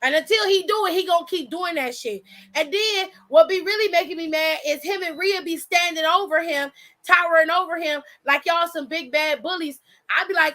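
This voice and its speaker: A woman's voice: very high-pitched, moderate pace, sharp tone. A woman in a heated, blunt reaction vlog rant, cursing heavily as she talks about wrestling.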